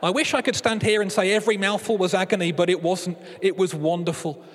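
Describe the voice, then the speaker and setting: A male preacher giving a sermon, moving from animated comic storytelling to earnest teaching. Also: high voice, a little fast, big-room sound, slight background noise.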